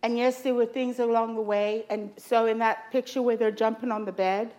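A woman's voice: on the high side, steady tone, normal speed, a little mellow, highs cut off. A middle-aged woman preaching a sermon in church, telling personal stories in a humorous, confiding way. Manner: humorous, confiding storytelling with laughs.

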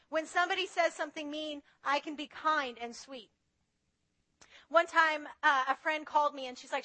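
A woman's voice: high voice, steady tone, moderate pace, sharp tone, poor audio. A woman preaching a sermon in an earnest, conversational way, telling personal stories. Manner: earnest, conversational, tells anecdotes.

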